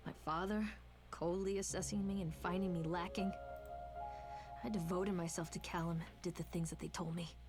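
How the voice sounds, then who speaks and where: A woman's voice: fairly low pitch, steady tone, moderate pace, lightly acted. An actress voicing a haunted, grieving young mother in a horror game, narrating in a somber, reflective way. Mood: mournful. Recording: game narration with music behind.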